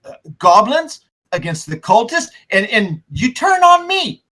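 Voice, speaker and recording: A man's voice: very high-pitched, very animated, measured pace, voice pushed up, full character voice. A man playing a furious betrayed young guard. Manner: shouting, accusing. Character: angry betrayed young male town guard.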